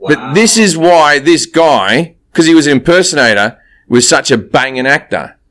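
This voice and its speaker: A man's voice: fairly high pitch, animated, normal speed, a bit bright. A middle-aged man with an Australian accent, telling crude stories in casual podcast chat. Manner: profane, rambling storytelling. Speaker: guest comedian.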